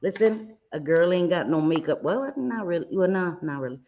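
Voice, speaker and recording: A woman's voice: fairly low pitch, animated, moderate pace, dark tone, dull audio, a little hiss or hum. A woman hosting a casual livestream, bubbly and chatty, greeting viewers with pet names. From Puerto Rico. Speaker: livestream host.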